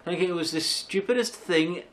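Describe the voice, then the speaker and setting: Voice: mid-range voice, moderate pace, over a noisy crowd. An adult co-reviewer in casual film chat who makes careful, hedging points with many restarts.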